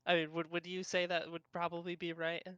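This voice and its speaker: A player in a tabletop game on a live stream, hesitant and playful, filling pauses with ums and likes. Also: medium pitch, completely flat delivery, fairly bright tone, clear, resonant tone, no echo, dull audio. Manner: hesitant, lots of fillers, playful. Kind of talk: casual chat at a tabletop game.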